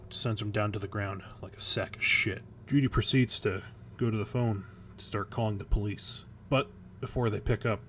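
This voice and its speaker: A man with a fairly low voice tells a horror story in a casual, crude way. He stumbles over nervous restarts now and then. A faint hum sits behind the recording. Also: fairly even intonation, moderate pace, a bit bright. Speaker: narrator. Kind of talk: creepypasta storytelling.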